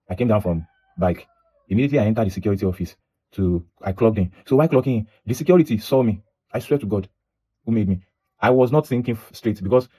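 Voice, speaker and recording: Fast-talking Nigerian man telling a story. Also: on the low side, warm tone. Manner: rambling, restarts and repeats himself, mixes in Pidgin. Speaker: vlogger. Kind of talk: casual storytelling monologue.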